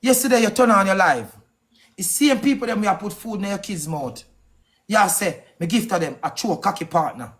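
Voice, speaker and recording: A man's voice: high-pitched, expressive, a bit bright. A man with a Jamaican accent delivering a heated, accusing rant on a live stream, firing off questions. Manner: angry, accusing, rapid-fire questions.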